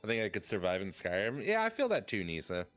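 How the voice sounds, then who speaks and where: A man streaming and chatting casually, rambling with lots of fillers and sudden excited bursts. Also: fairly low pitch, fast talker, no room sound.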